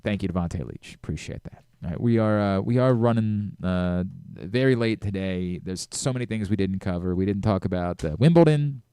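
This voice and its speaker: Middle-aged male sports radio host, lowish voice, dry studio sound, animated, restarts often. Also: fairly quick, few pauses, clean tone, no echo. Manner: animated, frequent restarts and self-corrections. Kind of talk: radio talk show monologue.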